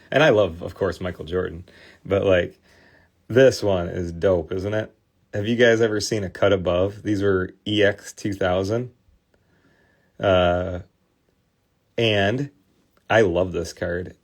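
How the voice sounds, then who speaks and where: With a low, gravelly voice, this forties-aged livestream host from Michigan speaks in a Midwestern accent while restoring trading cards. His casual chat with viewers is packed with filler words and restarted sentences.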